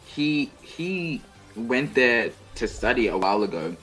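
A young man co-hosting a casual chat show, telling stories in an animated, chatty way. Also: medium pitch, a little slow, breathy edge, faint music behind, low-quality recording. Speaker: co-host.

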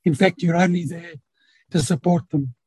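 A man speaking as a guest in an interview, giving earnest, gentle advice about relationships with homely examples. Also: a little high, fairly even intonation, moderate pace, slightly rough, dry recording, low-quality recording. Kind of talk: reflective conversational advice.

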